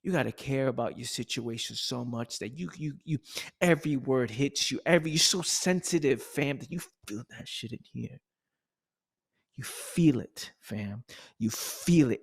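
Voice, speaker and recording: A man giving an intense, emphatic motivational monologue to camera, repeating phrases and calling the listener "fam", swinging between low murmurs and loud bursts. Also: a little slow, creaky, husky. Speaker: motivational coach.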